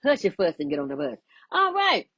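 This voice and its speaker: Husky, animated woman giving a faith talk. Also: medium pitch, brisk, dull audio. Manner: animated and playful, laughs often, folksy asides. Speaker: spiritual teacher.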